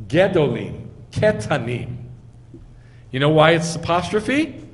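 Here a rabbi with a high, fairly bright voice teaches from the pulpit, explaining step by step and questioning the congregation. The recording carries echo from the hall and a little faint noise.

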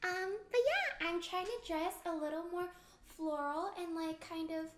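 A bubbly young woman streaming live, chatting casually and giggling as she greets her viewers by name. Her voice sits high and light, and she talks into a desk mic. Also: fairly even intonation, normal speed, heavy background noise. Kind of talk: casual live-stream chat while cooking.

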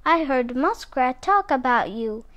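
A woman's voice: high voice, animated, a little slow, fairly bright tone. A woman voicing a sly male armadillo who tattles in a teasing sing-song in a storybook reading.

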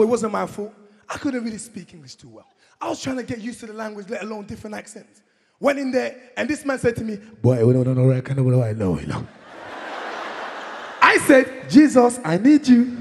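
A young man from Congo doing a stand-up comedy set, energetic, shouting punchlines and acting out his parents. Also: very high voice, a little fast, husky. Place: comedy concert stage. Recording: live show in a hall with long reverb.

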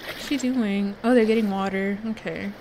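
A woman hosting a let's play, chatting excitedly through her gameplay and laughing often. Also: medium pitch, moderate pace, noisy background. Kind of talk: casual gameplay commentary.

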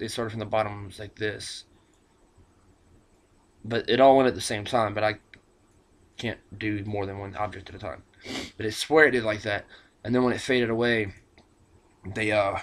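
Casual male vlogger, lowish voice, excitable rambling rant, built-in laptop mic at home. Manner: excitable, rambling, stumbles over words. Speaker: wrestling vlogger. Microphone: built-in laptop webcam mic.

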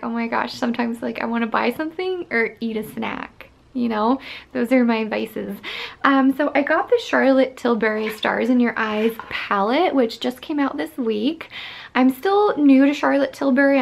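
A woman's voice: a little high, moderate pace, gravelly. A woman in her thirties chatting casually to camera in her bedroom as a vlogger, filling her talk with fillers and small laughs. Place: bedroom at home.

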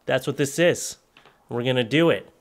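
A man doing comedic commentary on photos for his channel, sarcastic and heavily profane, with loud, animated jabs. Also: medium pitch, moderate pace, heavy background noise. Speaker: comedy YouTuber.

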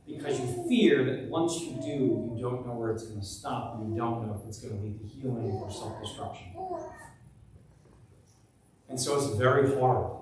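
A man's voice: medium pitch, far from the mic, a little hiss or hum. A man preaching a conversational sermon as pastor, often restarting and repeating words. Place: church sanctuary. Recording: very echoey church live stream from afar.

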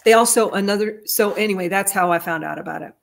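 A woman's voice: mid-range voice, quick pace, gravelly. A woman telling a personal family story in a casual monologue, earnest and rambling, with frequent restarts and her voice lifting at emotional points. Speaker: vlogger retelling a family story.

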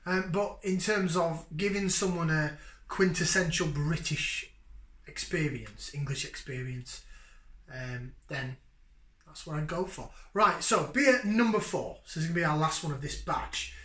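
A man's voice: a little high, expressive, normal speed, pushed and bright. A man hosting a casual beer review, chatty and rambling with lots of fillers. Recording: echoey room.

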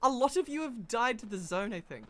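A woman giving excitable, frantic gameplay commentary, often breaking into laughs. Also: fairly high pitch, fairly quick. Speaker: gaming video creator. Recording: gunfire and game sounds behind voice. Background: game gunfire and effects.

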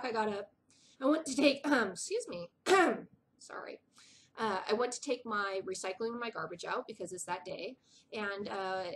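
A woman's voice: medium pitch, a bit bright, slight background noise. A middle-aged woman vlogging in a rambling, chatty way who drops to a whisper for asides. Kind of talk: casual chat.

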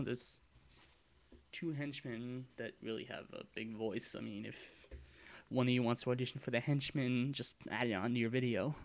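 A man with a deep voice talking in a casual vlog, rambling and hesitant, with frequent ums and restarts as he explains his project plans. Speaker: vlogger and abridged-series creator.

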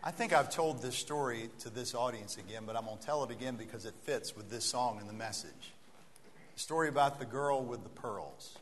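A man's voice: mid-range voice, brisk. A male preacher giving an evening sermon in a church, telling a story and building to an earnest appeal. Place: church auditorium. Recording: long hall reverb, faint noise.

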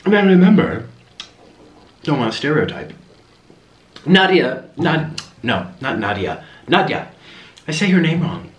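A man's voice: medium pitch, very animated, moderate pace, long pauses. A young man hosting an eating show, chatting casually and rambling between bites at home. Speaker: mukbang host. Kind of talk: casual chat while eating on camera. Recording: roomy echo.

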